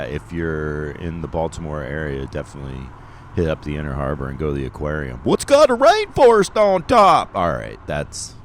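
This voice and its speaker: A man's voice: a bass voice, slight background noise. A comedian narrating his road-trip vlog in a casual voice-over, rambling and joking with lots of ums. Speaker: comedian and vlogger. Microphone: voice-over, not recorded on the road.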